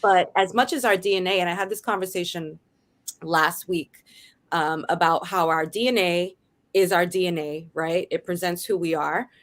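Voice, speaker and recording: Earnest woman host, slightly low voice. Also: steady tone, normal speed. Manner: earnest, keeps checking in with "right?". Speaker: radio show host. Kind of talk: casual discussion.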